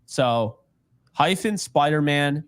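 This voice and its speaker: A man's voice: on the high side, expressive, takes it slowly, clear, resonant tone, no echo, clean studio sound. A man co-hosting a casual podcast, joking and rambling, laughing often. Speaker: podcast co-host. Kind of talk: casual chat.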